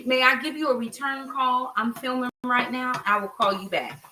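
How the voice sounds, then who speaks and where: Cooking in her home kitchen, a middle-aged cooking vlogger from the United States chats casually and hands out blunt, friendly advice. Her high voice has a sharp tone and a moderate pace. There's slight background noise, and she's a bit distant from the mic.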